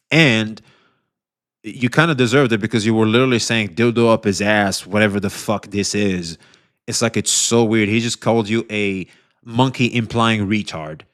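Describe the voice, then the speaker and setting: On a stream, a man with a fairly low voice offers casual commentary on online drama. He rambles and swears, fills his speech with fillers, and his voice often trails off quieter.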